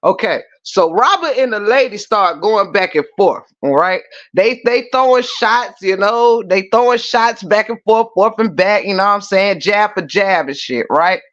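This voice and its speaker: A livestream host casually retelling a story to the chat, animated and profane, with emphatic, drawn-out phrases. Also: mid-range voice, dull audio. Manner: animated and profane, with frequent laughing fits.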